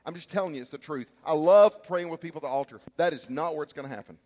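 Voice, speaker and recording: A man preaching a sermon as a pastor, telling stories and acting out shouts and quotes with lively energy. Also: a little high, fast, in a large hall. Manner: animated, storytelling, acts out shouts and quotes. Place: church sanctuary.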